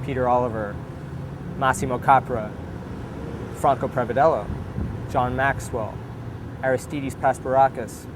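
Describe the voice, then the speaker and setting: Measured documentary narrator, a man. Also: mid-range voice, steady tone, noisy background. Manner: measured, announcing names. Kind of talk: scripted narration.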